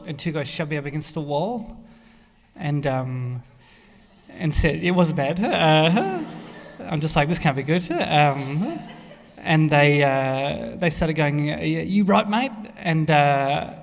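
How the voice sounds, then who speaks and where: A man with an Australian accent, a comedian on a discussion panel, telling halting, self-deprecating anecdotes. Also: a little high. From Tasmania. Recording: reverberant hall.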